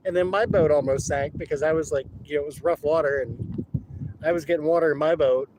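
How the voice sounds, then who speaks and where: A man tells loose, laughing stories while out on the river, cursing freely as he goes. His voice sits a touch high for a man. Faint outdoor noise hangs behind him. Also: brisk. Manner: rambling, laughing, swears freely. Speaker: vlogger. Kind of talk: casual storytelling while kayaking.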